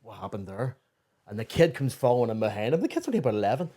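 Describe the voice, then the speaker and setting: A man with a Belfast accent, a barber and podcast guest, telling animated anecdotes and swearing freely. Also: on the low side, racing. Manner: animated anecdotes, swears freely, quotes people in raised voices. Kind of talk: casual storytelling chat.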